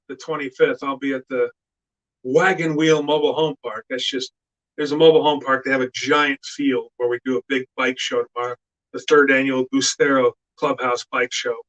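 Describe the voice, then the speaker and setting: A middle-aged man spins stories in an easy, casual chat. His voice sits a little high and has a bright, forceful edge, and he gets animated as he talks. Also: brisk, dull audio. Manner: animated storyteller who shouts out quoted lines. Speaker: guest actor.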